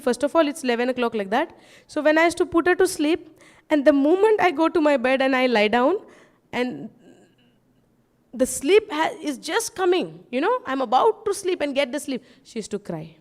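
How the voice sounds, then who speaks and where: A woman, giving a sermon testimony to a congregation, often asking them "yes or no?" and dropping low and soft in her asides.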